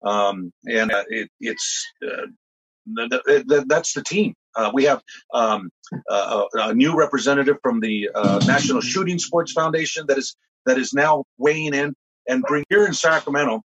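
A man's voice: medium pitch, huge pitch swings, normal speed, fairly bright tone, breathy edge, highs cut off. A man being interviewed as a lobbyist, stumbling through restarts and fillers. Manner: hesitant, full of restarts and fillers. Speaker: lobbyist guest. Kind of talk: interview conversation.

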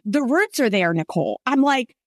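A woman's voice: fairly high pitch, sing-song, moderate pace, dry recording, clean studio sound. A woman author as a guest in a faith interview, telling personal stories in an earnest, heartfelt way.

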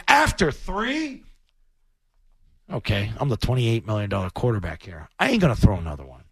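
A man co-hosting sports radio talk as a former quarterback, blunt and animated, swearing casually. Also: lowish voice, no room sound.

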